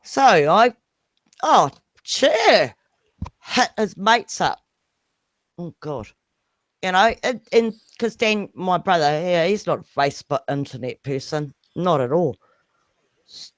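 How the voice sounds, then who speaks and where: Slow rambling New man. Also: high-pitched, expressive, a bit bright, no room sound, clean studio sound. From New Zealand. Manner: rambling, swears freely, apologetic. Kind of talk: casual group voice chat.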